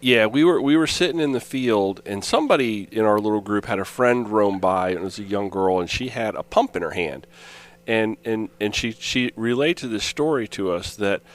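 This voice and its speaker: A middle-aged man co-hosting a casual podcast chat, telling stories animatedly with halting restarts. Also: lowish voice, animated. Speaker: podcast co-host.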